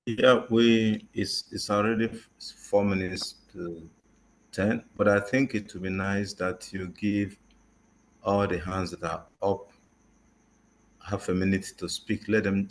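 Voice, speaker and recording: Slow, very deep-voiced man moderating. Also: a little hiss or hum, rough recording. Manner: calm, organizing the speakers. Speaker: moderator of an online program.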